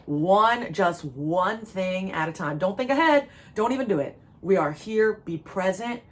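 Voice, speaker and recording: A woman's voice: mid-range voice, expressive, a little slow. A woman from New Jersey giving a spiritual pep talk as a tarot reader, emphatic and repetitive. She is emotional and near tears, and she keeps calling the listener "baby.".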